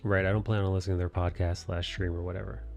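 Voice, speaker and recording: A young man with a lowish voice chats loosely on a live art stream, relaxed and profane, tossing in "dude" at every turn. Soft music runs faintly underneath. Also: very fast. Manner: laid-back, swears a lot, says "dude". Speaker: streamer host. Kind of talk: casual chat while drawing.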